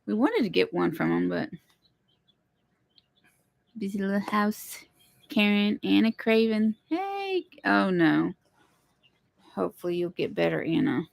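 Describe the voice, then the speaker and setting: A woman's voice: medium pitch, lively intonation, a little slow, creaky, pauses often, no echo. Chatty woman hosting a livestream. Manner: chatty, greets viewers, apologizes for tech trouble. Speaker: livestream host, homesteader. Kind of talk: casual livestream chat. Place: home.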